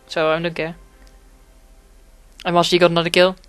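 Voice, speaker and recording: A man's voice: fairly high pitch, little pitch movement, brisk, pauses often, a bit bright, smooth, no echo, soft background music. A man giving casual gameplay commentary, rambling and swearing a lot, with frequent fillers and restarts. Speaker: gaming commentator.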